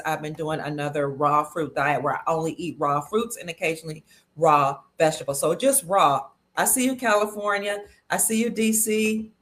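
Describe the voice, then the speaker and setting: Speaking in a fairly low, slightly bright voice, a Cleveland, Ohio woman runs a relaxed livestream. She chats cheerfully, says hello to viewers, and reads their comments out loud.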